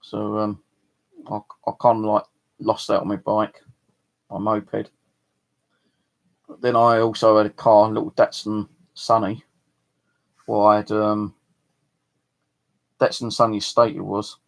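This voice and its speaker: A middle-aged man with a southeast English accent rambles and swears freely as he tells casual stories to his channel's camera. His voice sits on the low side, creaky and completely flat, at a measured pace with long pauses.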